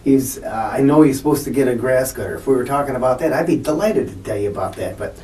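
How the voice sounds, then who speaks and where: A man in his sixties under police interrogation, answering in a hesitant, halting, defensive way. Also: mid-range voice, darkish tone. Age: 60s. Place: interrogation room. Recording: echoey room picked up from far off, faint noise.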